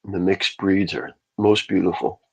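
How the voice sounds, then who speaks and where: A man's voice: low-pitched, a little slow, gravelly, husky. A man hosting a livestream, telling a long rambling story in casual, profane speech. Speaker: livestream host.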